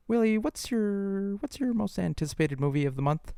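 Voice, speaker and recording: A man's voice: high-pitched, animated, moderate pace, creaky, hardly any pauses, mellow, clean tone, no echo, clean studio sound. A man co-hosting a casual comedic podcast, throwing in sarcastic quips and jokes. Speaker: podcast co-host.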